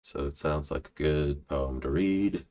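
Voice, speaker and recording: A man's voice: a bass voice, measured pace, darkish tone. A man streaming live, chatting casually and reading his own poetry aloud, restarting lines when he slips. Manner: self-deprecating, restarts lines, muttering asides.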